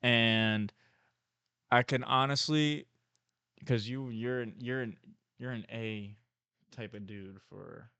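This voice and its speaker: A man's voice: medium pitch, slow pace, vocal fry, pauses often, sharp tone, clear, resonant tone, dry recording, dull audio. A young man who is a guest on a casual podcast, chatting and teasing in a laid-back way.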